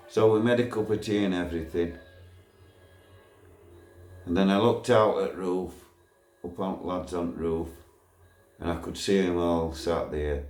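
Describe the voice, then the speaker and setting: A man's voice: deep voice, steady tone, unhurried, long pauses, a little mellow. A man telling a blunt, swear-filled story from his past in a casual, storytelling way. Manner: blunt, swears freely, laughs at his own memories. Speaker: former prisoner recounting a riot. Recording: echoey room, faint background noise.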